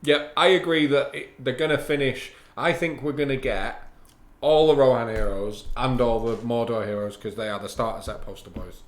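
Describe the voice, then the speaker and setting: A man's voice: mid-range voice, steady tone, normal speed. Chatty Irish-born man in a roomy room. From Ireland. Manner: chatty, reads viewer comments aloud, laughs easily. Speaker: co-host of a live hobby stream. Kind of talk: casual live-stream chat. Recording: roomy with faint background noise.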